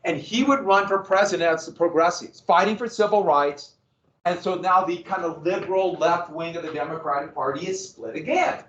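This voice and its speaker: A man's voice: sits high, normal speed, a bit bright, slight background noise. A man teaching a history class, lecturing casually with asides and questions to his students. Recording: roomy, distant, dull classroom recording.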